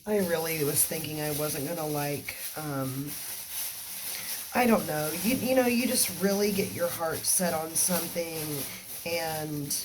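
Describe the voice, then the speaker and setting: A woman, excitedly unboxing makeup in a casual vlog, swearing freely and often saying "you guys". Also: low voice, measured pace, noisy background. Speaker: beauty vlogger.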